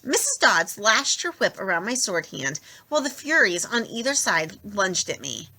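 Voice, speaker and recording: A young adult woman reading a novel aloud with expressive, lively narration. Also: medium pitch, normal speed. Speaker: storybook reader.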